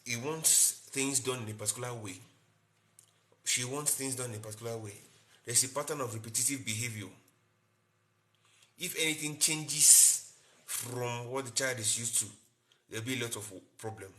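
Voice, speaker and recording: A man's voice: medium pitch, moderate pace, long pauses, bright, forceful tone, a little hiss or hum. A man, a doctor hosting a live-stream health talk, explaining in short repeated phrases and greeting viewers by name.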